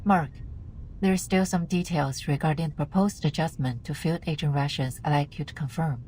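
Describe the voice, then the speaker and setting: A woman voicing a cool, formal administrator in a game, speaking in a calm, businesslike way. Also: deep voice, moderate pace, slight background noise, lightly acted. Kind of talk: game voice acting.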